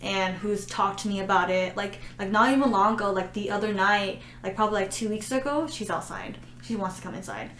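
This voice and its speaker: At home in a room with roomy echo and faint noise, a woman co-hosts a podcast, telling rambling stories packed with "like" and acted-out quotes in casual chat. Her medium-pitched, fairly bright voice moves a little fast with few pauses.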